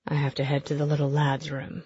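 Woman doing a deep stern guy, clipped and cool, dry lo-fi sound. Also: monotone, brisk, warm tone, husky, no room sound. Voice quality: deep authoritarian voice. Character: stern authoritative man, reserved.

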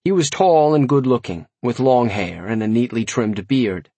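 A man's voice: medium pitch, moderate pace, dark tone, no room sound. A man narrating a first-person fantasy audiobook in a wry, conversational way.

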